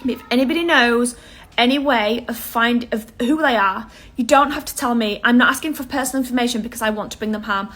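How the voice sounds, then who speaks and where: A woman's voice: fairly high pitch, brisk, a bit bright. A woman speaking to camera in an earnest, pleading way, close to tears. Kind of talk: emotional vlog to camera.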